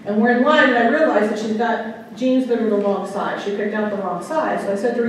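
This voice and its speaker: A woman's voice: fairly high pitch, fairly quick, few pauses, slight background noise. Chatty woman speaker in an echoey room. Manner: chatty, storytelling, checks in with the audience. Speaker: guest speaker. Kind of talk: anecdotal talk to a club audience. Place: meeting room. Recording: echoey room, mic at a distance.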